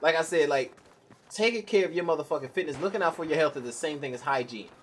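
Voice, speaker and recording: A man's voice: fairly high pitch, fast, slight background noise. A young man ranting bluntly and profanely while commenting on his own gameplay. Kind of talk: live gameplay commentary rant.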